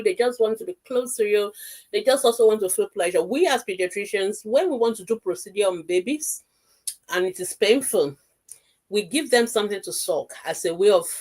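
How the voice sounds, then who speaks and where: A woman's voice: medium pitch, a little mellow. Reassuring woman pediatrician, emphatic. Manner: emphatic, repeats key points in lists; reassuring, addresses mothers directly. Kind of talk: health webinar talk.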